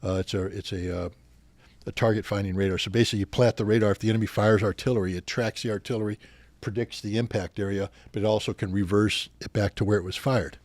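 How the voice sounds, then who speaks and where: Older man telling lively war stories. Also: lowish voice, fast talker, dry recording. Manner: animated anecdotes, acting out quoted officers. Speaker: podcast guest. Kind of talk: storytelling in a podcast interview.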